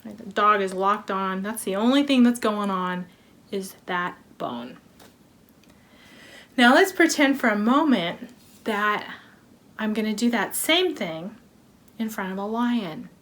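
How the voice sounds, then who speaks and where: A woman's voice: mid-range voice, lively intonation, slow pace, long pauses, a bit bright. A woman from a wellness team telling a playful teaching story, acting it out with props and little voices. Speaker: wellness educator. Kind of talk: storytelling lesson.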